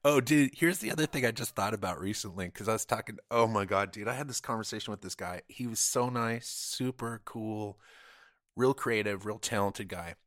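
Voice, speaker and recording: A man's voice: fairly low pitch, normal speed, no echo, studio quality. A man telling stories in casual chat, swearing a lot and acting out what people said to him. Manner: animated, acts out quotes, swears, says dude. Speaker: podcast guest.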